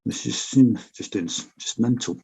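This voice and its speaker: Gravelly, husky, and a little mellow, a middle-aged former soldier's mid-range voice carries his war stories at a normal speed on a podcast where he's a guest. He tells them casually and bluntly, swearing heavily and voicing the lines people said, over slightly dull lo-fi audio.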